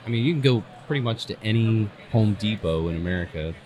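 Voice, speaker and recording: A man's voice: lowish voice, expressive, fast. A man chatting in a matter-of-fact way on a podcast. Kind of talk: casual podcast chat. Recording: noisy background.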